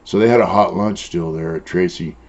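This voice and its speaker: A low, slightly mellow voice delivers brisk, casual storytelling from an older San Diego man, a former prisoner interviewee from Southern California. His prison tales are blunt and profane, filled with "uh" and "you know," captured in dull lo-fi sound.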